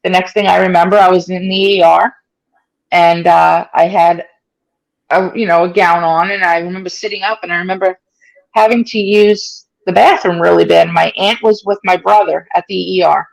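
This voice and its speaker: Heard through poor audio, this woman's voice is lowish and gravelly, with a steady tone and moderate pace. In her forties, she talks through surviving a stroke in an interview, loosely and with many fillers, dramatizing the remarks of others.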